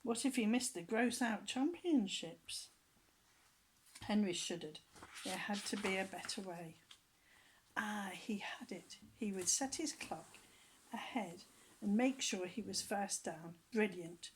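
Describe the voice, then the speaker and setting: A woman's voice: medium pitch, takes it slowly, slight background noise, low-quality recording. A woman reading a children's book aloud to a child, with playful asides and stretches of whispering.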